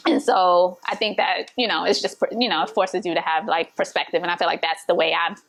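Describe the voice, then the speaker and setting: A woman's voice: lowish voice, steady tone, a little fast, fairly bright tone. Reflective woman host, casual chat. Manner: reflective, searching, many fillers. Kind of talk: casual conversation.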